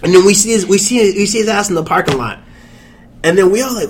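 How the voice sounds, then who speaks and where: A young man on a podcast telling a long story with lots of laughter, quoting people in a lower mutter. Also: fast, a little hiss or hum. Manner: animated, laughing storyteller, drops into low mutters when quoting. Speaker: podcast co-host. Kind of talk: casual storytelling chat.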